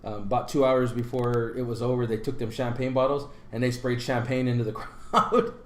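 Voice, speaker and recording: A man on a podcast casually telling a long, rambling story, full of fillers and animated retellings. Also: mid-range voice, moderate pace. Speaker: podcast co-host. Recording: roomy echo.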